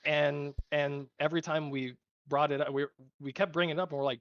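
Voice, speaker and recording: A man talks loosely about his gaming guild, rambling and cursing and acting out quoted arguments. His voice sits at an ordinary pitch. The sound is dull and lo-fi, with no room echo at all. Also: fairly quick, hardly any pauses. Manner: rambling, swears freely, quotes others in animated bursts. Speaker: guild leader. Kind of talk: casual interview answers.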